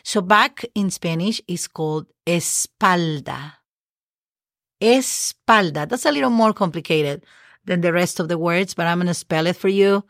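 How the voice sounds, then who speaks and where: A woman's voice: lowish voice, moderate pace, no echo, clean studio sound. A woman hosting a podcast language lesson, patiently spelling words letter by letter and checking in with "okay?". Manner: checks in often with "okay?" and "right?". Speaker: Spanish teacher and podcast host.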